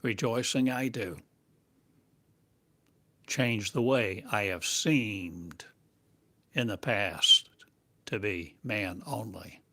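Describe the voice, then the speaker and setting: A man as a spiritual teacher, delivering a channeled monologue in slow, halting, cryptic phrases. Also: on the low side, bright, forceful tone, a little hiss or hum. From United States.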